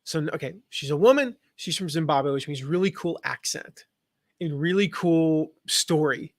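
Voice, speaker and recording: Speaking at a normal speed in a fairly high voice, this General American speaker, who grew up across the Midwest and South, walks viewers through affiliate marketing on a live stream. He's chatty and meandering, full of fillers and false starts; the audio is clean studio quality without room sound.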